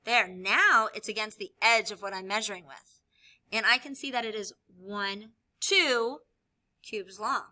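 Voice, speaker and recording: A woman teacher explaining a lesson while she demonstrates with objects, upbeat and clear. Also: medium pitch, measured pace, bright, forceful tone. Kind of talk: classroom video lesson.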